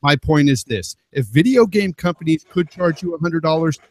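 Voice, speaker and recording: A man's voice: a little high, lively intonation, normal speed, no echo. A man with a slightly raised voice pushes his case hard in a casual podcast roundtable. His sound is close and dry, with no room around it. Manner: emphatic, argumentative. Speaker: podcast panelist.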